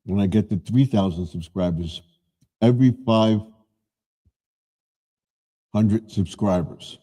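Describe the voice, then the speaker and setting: A man's voice: lowish voice, slow pace, dark tone, breathy edge. A man in his seventies hosting a live stream, chatting casually in a rambling way and often correcting himself.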